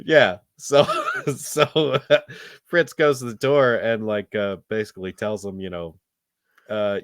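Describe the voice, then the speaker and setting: A man's voice: lowish voice, wildly swooping pitch, measured pace, fairly bright tone, dry recording, studio quality. A man co-hosting a casual film review podcast, rambling with lots of fillers and restarts. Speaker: podcast co-host.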